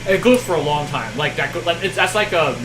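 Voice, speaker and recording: Woman, deep voice, rambling, hesitant, lots of fillers, casual cooking chat. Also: lively intonation, fairly quick. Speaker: co-host. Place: home kitchen. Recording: home recording with background noise.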